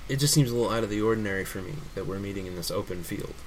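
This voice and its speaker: A man's voice: lowish voice, very fast, a little hiss or hum, poor audio. A man hosting a comedy podcast, flustered, apologetic and stammering in a sketch. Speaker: podcast host.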